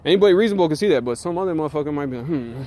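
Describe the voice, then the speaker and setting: A man's voice: fairly high pitch, expressive, racing, warm tone. Profane, emphatic man ranting in slang. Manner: profane, slangy and emphatic, with frequent laughs and filler. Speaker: vlogger. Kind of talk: casual rant to camera.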